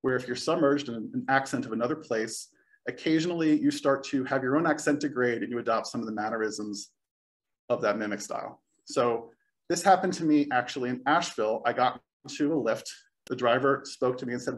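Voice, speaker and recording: A man's voice: mid-range voice, a little fast. A young man giving a friendly, reassuring talk on public speaking, sometimes joking at his own expense. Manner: friendly, reassuring, occasionally self-deprecating. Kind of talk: recorded talk.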